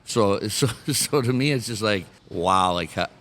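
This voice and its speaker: A man with a Canadian accent chats loosely on a podcast, his voice sitting on the low side. He laughs often and circles back through restarts as he talks. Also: measured pace, fairly bright tone. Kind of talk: casual podcast chat.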